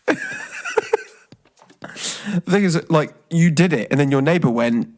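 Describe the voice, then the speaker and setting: A man's voice: on the high side, unhurried, a little mellow. A man co-hosting a comedy podcast, swearing freely and laughing a lot. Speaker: podcast co-host. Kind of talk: casual comedy podcast chat.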